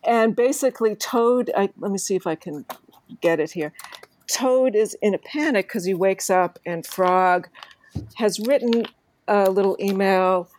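A woman co-hosting a casual book discussion, talking in an animated way and reading passages aloud. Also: mid-range voice, unhurried, a little hiss or hum.

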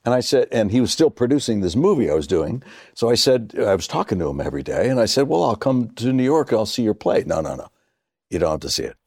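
A man's voice: medium pitch, big pitch swings, quick pace, mellow, slightly rough, dry recording, studio quality. A middle-aged man, an actor guest, telling a story in casual chat and acting out the voices of the people in it. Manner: acts out quoted voices, laughs mid-story.

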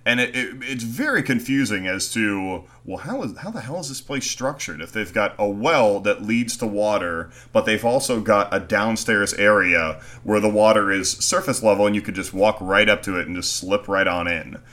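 Man, low voice, bright and forceful tone, casual movie podcast chat, profane, animated, acts out scenes. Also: normal speed, few pauses.

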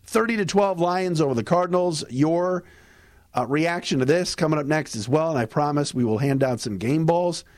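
A man hosting a sports podcast, giving a casual postgame recap in a lively, conversational way with fillers and restarts. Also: a little high, normal speed, no echo, clean studio sound. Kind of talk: casual postgame recap and host-read ads.

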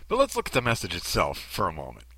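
A man's voice: deep voice, big pitch swings, fast, pushed and bright, husky, no room sound, poor audio. A man giving ranting commentary in a sarcastic, blunt way.

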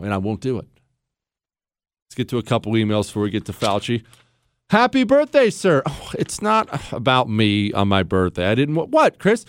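A man's voice: on the high side, no echo, studio quality. A man in his forties hosting a talk radio show, brash and sarcastic, swinging his voice up and down as he mocks callers and riffs. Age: 40s. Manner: sarcastic, brash, fast-shifting, mock-acts callers.

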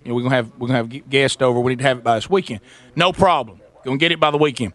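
A man's voice: mid-range voice, rapid-fire, a bit bright. A middle-aged man telling a story on a talk show, acting out both sides of the conversation. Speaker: radio show host.

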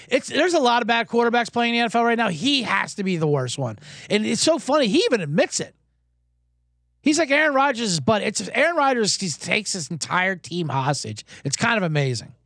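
Animated profane man telling stories. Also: high voice, normal speed, vocal fry, no echo, clean studio sound. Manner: animated, profane, acts out crowd chants in loud bursts. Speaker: sports betting podcast host. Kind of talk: casual storytelling and betting picks.

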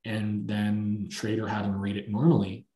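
A man hosting a podcast, chatting casually about films and telling long, animated anecdotes. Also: on the low side, moderate pace. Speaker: podcast host. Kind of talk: casual film-discussion chat. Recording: echoey room.

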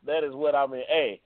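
A man's voice: fairly high pitch, no room sound. A man co-hosting a casual podcast, blunt and playful, laughing often. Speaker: podcast co-host. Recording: dry, phone-like sound.

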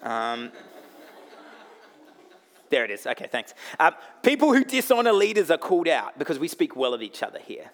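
Blunt, jokey Australian pastor with a high voice. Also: male voice, very animated, moderate pace, long pauses. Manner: blunt, jokey, swings between loud bursts and quiet asides. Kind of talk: sermon.

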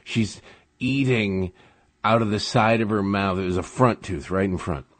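A man's voice: fairly low pitch, moderate pace, a bit bright, no echo. A man who is a regular guest on a talk radio show, telling wry, exasperated stories in casual chat. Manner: wry storyteller, dry and exasperated.

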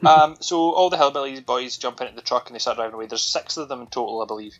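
A man's voice: medium pitch, fast, a bit bright, highs cut off, soft background music. A Scottish man co-hosting a podcast, recapping a film in a sweary, sardonic, rambling way. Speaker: podcast co-host. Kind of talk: casual film-review chat.

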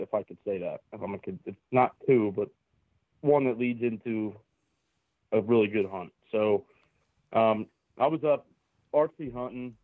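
A man's voice: medium pitch, no room sound. A man from Southeast Pennsylvania, a podcast guest, talking in an earnest, rambling way with restarts and lots of "you know". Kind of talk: casual chat. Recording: tinny phone-like call line.

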